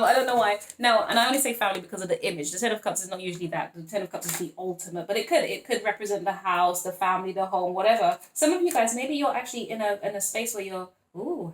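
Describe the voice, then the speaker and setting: Speaking to camera in a roomy, low-quality recording, a tarot card reader with a mid-range voice gives a casual reading. She's playful, chatty and rambling, laughing a lot, using plenty of fillers and calling listeners "honey" and "babes."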